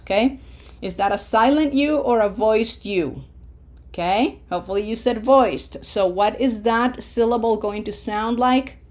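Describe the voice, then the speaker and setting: A woman teaching a pronunciation lesson, drawing out model words slowly and coaxing the learner with questions. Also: on the high side. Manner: slow, drawn-out model words between explanations. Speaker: Spanish teacher.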